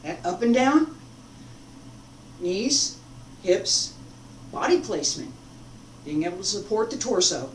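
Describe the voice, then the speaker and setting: Unhurried woman instructor in echoey hall. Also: medium pitch, very animated, slight background noise. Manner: unhurried, breaks off mid-demonstration. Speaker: martial arts instructor. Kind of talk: demonstrating and teaching a form. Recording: echoey room, mic far off.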